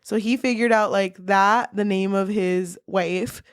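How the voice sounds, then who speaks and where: A woman's voice: mid-range voice, unhurried, clean tone. Young woman co-host retelling a book plot. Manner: animated retelling, laughs often, swears casually. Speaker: podcast co-host. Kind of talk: casual book discussion.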